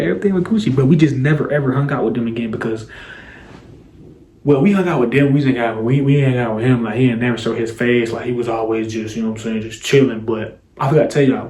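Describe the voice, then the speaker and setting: A man's voice: medium pitch, mellow, slight background noise. A man casually telling a story to his viewers in slangy, loose speech, often repeating and restarting his words. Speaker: vlogger. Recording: roomy echo.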